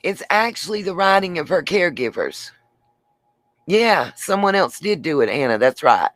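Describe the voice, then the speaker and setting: Lowish in pitch but with big swings, her voice moves at a moderate pace with no echo. She's a channel host chatting casually on a livestream, rambling, frequently restarting, and naming the viewers she responds to.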